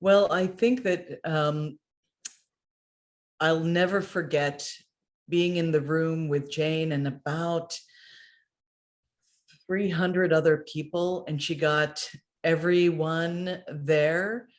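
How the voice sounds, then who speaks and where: A woman's voice: low-pitched, fairly even intonation, slow, long pauses. A woman hosting and moderating a conversation over a video call. She speaks thoughtfully, with many fillers. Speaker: host, moderator. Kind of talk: casual conversation.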